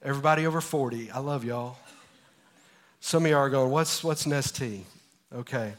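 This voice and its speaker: A man in his forties preaching a sermon as pastor, telling stories with energy and then dropping to a hushed, earnest tone. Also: mid-range voice, brisk. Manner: animated storytelling, swinging from loud to hushed. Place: church.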